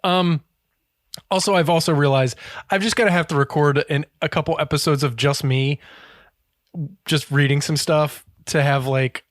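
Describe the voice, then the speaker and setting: A man's voice: fairly high pitch, steady tone, normal speed, dry recording, studio quality. A man hosting a casual comedy podcast, joking, swearing and slipping into silly impressions. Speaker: podcast host.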